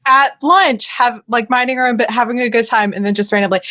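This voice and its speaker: A woman's voice: a little high, a little fast, pushed and bright. A woman co-hosting a casual podcast chat, retelling scenes with playful drama. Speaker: podcast co-host.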